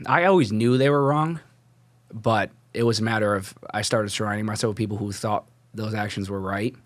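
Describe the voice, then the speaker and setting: A man's voice: on the low side, a little fast, no echo. A young man telling his personal faith story as a podcast guest, casual and rambling, full of "like" fillers and restarts. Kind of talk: casual testimony.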